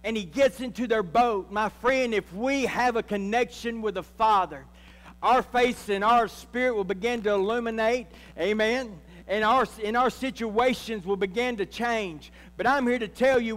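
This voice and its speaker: A man's voice: high-pitched, normal speed, fairly bright tone, in a large hall. A man, a pastor, preaching a sermon and calling out to his congregation. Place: church sanctuary.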